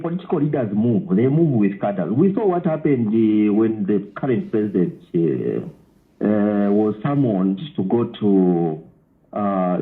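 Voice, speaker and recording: Emphatic caller on a tinny phone line. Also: male voice, fairly low pitch. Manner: emphatic, repeats words while explaining. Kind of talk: call-in radio talk.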